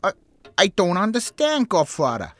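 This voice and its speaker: A woman's voice: mid-range voice, wildly swooping pitch, soft background music. A woman voicing a hesitant young boy scout in a radio comedy sketch. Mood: confused. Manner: hesitant, halting. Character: timid boy scout godson.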